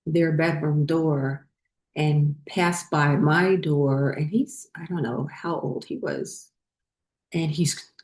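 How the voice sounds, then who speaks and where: Low-voiced woman telling a personal story. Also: darkish tone, roomy sound. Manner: rambling, many fillers and restarts. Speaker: spiritual channel host.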